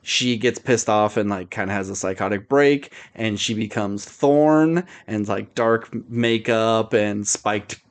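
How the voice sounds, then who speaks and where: A man's voice: fairly low pitch, slow pace, few pauses. A man co-hosting a podcast, chatting casually with a rambling, sarcastic delivery full of fillers. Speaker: podcast co-host. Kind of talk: casual chat review.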